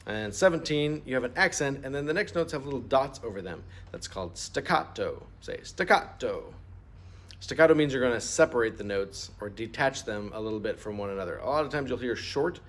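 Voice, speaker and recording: A man's voice: mid-range voice, animated, fast talker, hardly any pauses. Patient man teaching a music lesson. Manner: patient, explains step by step, asks students to repeat terms. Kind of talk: instrument lesson walkthrough.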